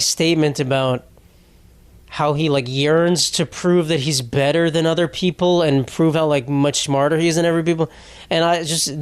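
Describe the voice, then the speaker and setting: A man's voice: on the high side, no room sound. A young man in his twenties hosting a podcast, delivering a rambling, profane comedic monologue. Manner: rambling and profane, with frequent restarts. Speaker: podcast host.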